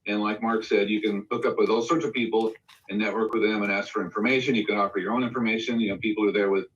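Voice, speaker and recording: A man's voice: on the low side, fast talker, distant mic, dull audio. A man telling a recording studio anecdote on a live video call, acting out the quotes. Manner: animated anecdote with acted-out quotes. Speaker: guest telling a studio story. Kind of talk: casual storytelling on a live stream.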